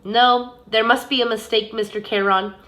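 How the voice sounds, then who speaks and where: A woman's voice: fairly high pitch, steady tone, normal speed, fairly bright tone, natural voice. A woman voicing a level-headed teenage girl who speaks firmly.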